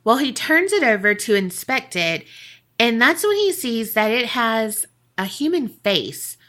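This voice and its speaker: Woman, podcast co-host, unhurried, bright tone, casual and profane. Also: fairly high pitch, sing-song. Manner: casual, profane, laughs often. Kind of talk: casual storytelling chat.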